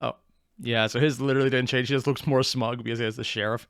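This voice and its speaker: His medium-pitched voice is clear and resonant, and he talks quickly in a clean, dry studio recording. The reaction-video host keeps things animated and sarcastic, full of tangents, self-mockery and frequent cursing.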